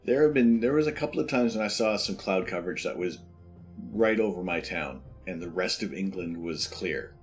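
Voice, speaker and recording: A Canadian man with a deep, low voice talks easily and casually on a live stream. He reads viewers' questions aloud and answers them in an unhurried, chatty way. Soft music plays faintly behind him. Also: animated, dull audio.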